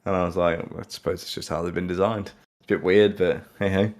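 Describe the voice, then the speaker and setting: A man's voice: low-pitched, quick pace. A man co-hosting an anime podcast in casual chat, acting out his own reactions. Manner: animated storytelling, acts out his own reactions in quotes. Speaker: podcast co-host.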